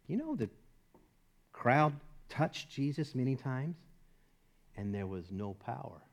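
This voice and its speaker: A man's voice: lowish voice, very animated, measured pace, long pauses. Emphatic man preaching a sermon. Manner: emphatic, swinging between loud and hushed; repeats phrases for emphasis. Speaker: pastor. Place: church service.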